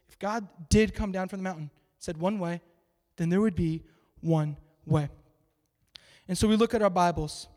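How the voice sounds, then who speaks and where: A man giving a casual, joking sermon to an audience, asking many rhetorical questions in a conversational way. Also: sits high. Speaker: preacher. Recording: long reverb in a large hall.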